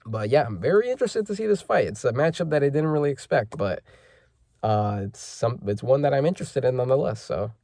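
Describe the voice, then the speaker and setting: A man's voice: mid-range voice, animated, fairly quick, warm tone, dry recording, clean studio sound. A man hosting a casual manga chapter reaction, rambling with lots of fillers and self-corrections as he reads panels aloud.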